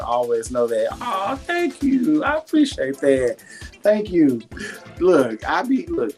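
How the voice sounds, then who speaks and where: Chatty man hosting a live sale. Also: medium pitch. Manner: chatty, laughs often, reads viewer comments aloud; warm and churchy, talks faith. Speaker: live-stream jewelry seller. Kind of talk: casual live sales stream.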